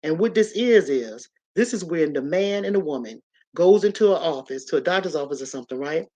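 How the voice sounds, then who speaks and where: With a deep voice and a slightly fast delivery, a woman vlogger tells her viewers a personal story. She's casual and animated, addressing them straight on and repeating phrases to drive points home.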